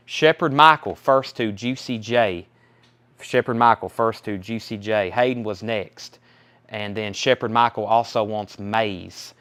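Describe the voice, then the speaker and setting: A man's voice: medium pitch, clear, resonant tone. A young man hosting a live record sale stream, chatting casually while he rattles off album titles and prices.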